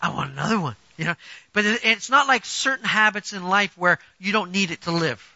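A man delivers a sermon in a high voice with a sharp, bright edge. He talks to the congregation conversationally but with emphasis, pressing rhetorical questions. The recording is dry and a touch dull. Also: animated, normal speed, dry recording. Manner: conversational, personal examples. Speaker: preacher.

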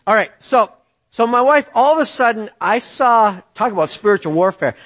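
A middle-aged man preaching a sermon, telling a personal story in an animated way and often checking in with the audience. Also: high-pitched, normal speed.

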